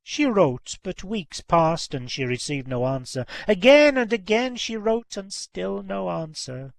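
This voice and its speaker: Give me a man narrating a folk tale, measured and expressive, on a dry close mic. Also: high voice, vocal fry, no room sound. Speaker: storyteller. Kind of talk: reading a folk tale aloud.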